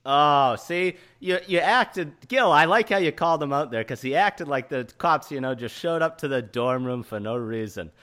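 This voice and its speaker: A man's voice: on the high side, expressive, normal speed, hardly any pauses, fairly bright tone. A man hosting a casual podcast, joking and teasing his friends while steering the talk. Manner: jokey, teasing, steers the conversation. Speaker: podcast host.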